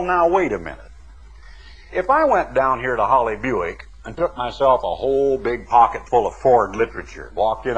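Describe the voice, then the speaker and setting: Male preacher, emphatic and folksy, slightly raspy, on a muffled old broadcast tape. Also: medium pitch. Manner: animated, emphatic, folksy asides. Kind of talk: sermon. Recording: dull lo-fi 1980s broadcast recording.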